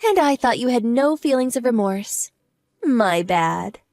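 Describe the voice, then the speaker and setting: Playing a wronged wife in an audio drama, a woman sounds cool, mocking, and smug, taking her time. Her fairly high voice takes lively, sarcastic turns, and the sound is dry and close with no room sound.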